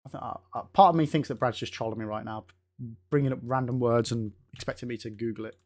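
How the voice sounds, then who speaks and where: A man's voice: mid-range voice, steady tone, quick pace. A man with an English Midlands accent chatting casually with his stream's chat while playing, swearing freely and answering viewers by name. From England. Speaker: gaming streamer. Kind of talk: casual livestream chat reading viewer messages.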